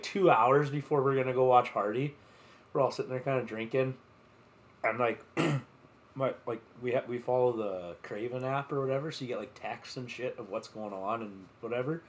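A man's voice: medium pitch, normal speed. A man co-hosting a podcast, telling a festival story in a rambling, filler-heavy way with plenty of swearing. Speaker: podcast co-host. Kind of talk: casual chat.

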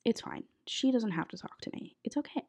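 A woman's voice: on the high side, animated, a little fast, vocal fry, a little mellow, slightly rough. A young woman hosting a podcast, chatting casually with lots of fillers, a bit sick. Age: young adult. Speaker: podcast host. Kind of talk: casual chat. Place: college apartment bedroom.

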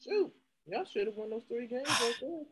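Husky-voiced man in laid-back sports chat. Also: very high-pitched, moderate pace, rough recording. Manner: relaxed, laughing, stumbles over names. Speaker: podcast co-host.

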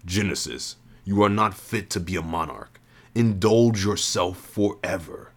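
A man's voice: low voice, measured pace. A man voicing a scornful male villain. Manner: scornful, accusing. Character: cold, contemptuous male villain judging rulers.

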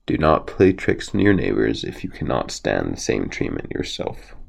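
A man voicing a calm, even-tempered male stork in a bedtime storybook, speaking in a measured way. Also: very deep voice, gravelly, exaggerated voice.

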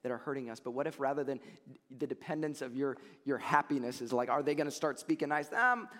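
A man's voice: medium pitch, fairly even intonation, fast, in a large hall. A man preaching a sermon in a casual, joking, conversational way, with laughter in his voice. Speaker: pastor.

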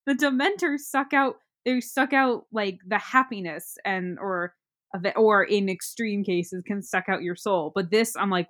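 A woman in casual chat, recapping a movie plot in a rambling, halting way with many fillers. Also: medium pitch, fairly bright tone.

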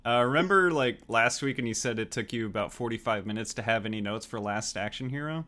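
A man co-hosting a casual movie podcast, sarcastic and quick to laugh. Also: medium pitch, sharp tone. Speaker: podcast co-host. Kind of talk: casual chat.

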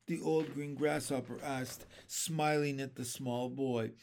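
Slow, gravelly man reading a storybook. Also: medium pitch, a little hiss or hum. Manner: expressive, unhurried. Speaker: narrator.

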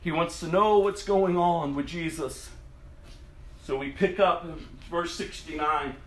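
Dramatic preacher in an echoey room. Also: male voice, on the high side, measured pace, a little hiss or hum. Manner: dramatic, acts out scripture voices with big swings from loud to hushed. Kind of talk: sermon.

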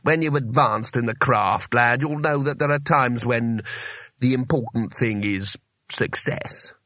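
A man's voice: medium pitch, a little slow, pushed and bright, no room sound. A man voicing a dismissive, condescending male wizard who talks down to others, read in a dry-sounding audiobook. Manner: dismissive and patronising.

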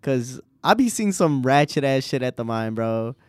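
A man's voice: mid-range voice, very animated, normal speed, darkish tone, no echo, clean studio sound. A man hosting a casual interview, slangy and easygoing, laughing often. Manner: slangy, laughs often, says bro a lot. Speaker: podcast host.

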